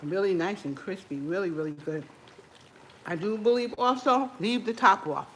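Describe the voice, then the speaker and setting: A woman's voice: mid-range voice, moderate pace, a bit bright, slight background noise. A woman chatting casually to her viewers in her home kitchen while tasting food, talking with her mouth full and laughing often. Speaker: cooking vlogger.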